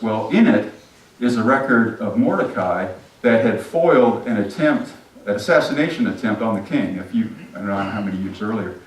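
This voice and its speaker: Pastor guy chatting through a bible story, funny, echoey church, mic far off. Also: on the low side. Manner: casual, humorous storytelling. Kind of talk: sermon, retelling a story. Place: church sanctuary. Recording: echoey sanctuary, distant mic.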